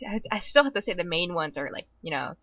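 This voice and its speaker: A woman from Canada chatting casually on a podcast, speaking softly and hesitantly. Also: fairly low pitch, very animated, a little fast, no room sound. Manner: hesitant, soft-spoken. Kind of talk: casual chat. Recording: dull lo-fi audio.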